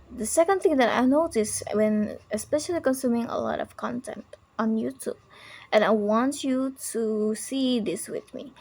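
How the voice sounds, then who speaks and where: A woman's voice: a little high, a little mellow, slight background noise, poor audio. A woman shadowing a pronunciation lesson, putting strong stress on key words as she explains tips. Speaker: language learner shadowing a teacher.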